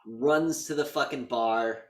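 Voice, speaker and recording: A man co-hosting a podcast, retelling a movie's plot in casual chat and slipping into quick voice impressions. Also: medium pitch. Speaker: podcast co-host. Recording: roomy echo, mic a bit distant.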